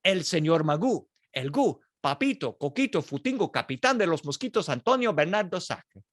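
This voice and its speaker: A man's voice: a little high, sing-song, a little fast, dry recording, clean studio sound. Earnest little school kid, a grown man doing him, pushy and eager, bouncy voice. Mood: insistent. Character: earnest little boy on his first school day.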